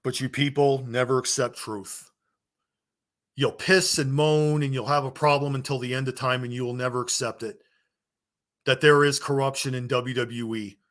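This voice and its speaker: A man in the middle of an angry rant, blunt and profane as he scolds his audience. His pitch sits squarely in the middle, and he keeps hammering the same points. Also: steady tone, normal speed, a bit bright. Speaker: wrestling commentary vlogger.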